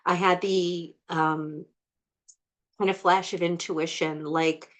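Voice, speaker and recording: A woman with a fairly low voice leads a group healing over a video call. She speaks blessings in a slow, earnest cadence. Between them she chats loosely and fills with "like.". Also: fairly even intonation. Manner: slow, earnest incantation, then chatty with many "like"s. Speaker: energy healer hosting a group session. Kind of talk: guided healing invocation and group chat.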